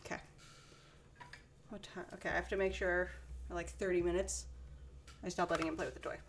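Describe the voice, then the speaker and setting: A woman streaming, chatting casually with her viewers and breaking off to yell at her cat. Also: fairly low pitch, steady tone, brisk. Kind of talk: casual live-stream chat. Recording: distant mic with noise.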